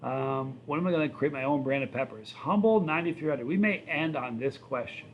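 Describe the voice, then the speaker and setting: A man's voice: mid-range voice, a little fast, muffled recording, slight background noise. A man in his fifties hosting a live stream, chatting casually, reading viewer questions and rambling through stories. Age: 50s. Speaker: livestream host.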